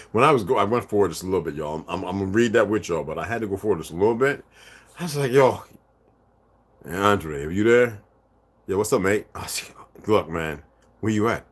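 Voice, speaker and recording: A man's voice: deep voice, breathy edge. A man reading from books aloud and breaking off into rambling casual asides to his listeners. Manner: rambling asides between read passages. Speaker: channel host reading aloud.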